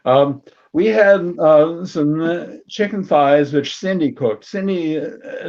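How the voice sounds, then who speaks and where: A man's voice: medium pitch, a little mellow, highs cut off. A man telling jokes and chatting casually in a live group video call. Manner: folksy joke-teller. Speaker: participant.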